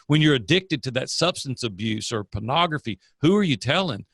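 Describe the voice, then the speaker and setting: A man's voice: medium pitch, lively intonation, fairly quick, a bit bright, breathy edge, no room sound, studio quality. An older man, a coach and guest, telling stories in a casual interview with an earnest, preachy manner.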